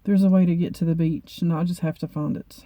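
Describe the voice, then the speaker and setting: A woman vlogger talking to camera in a halting, heartfelt way, often repeating herself. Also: lowish voice, steady tone, dark tone, no echo. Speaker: beauty vlogger. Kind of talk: personal talk to camera.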